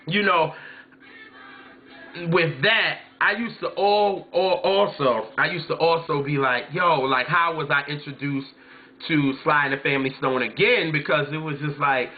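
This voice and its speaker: In a casual chat vlog about music, a man tells stories, does impressions of his mom, and breaks into bits of songs. His voice is fairly high-pitched and measured in pace, and the recording sounds tinny, like a phone.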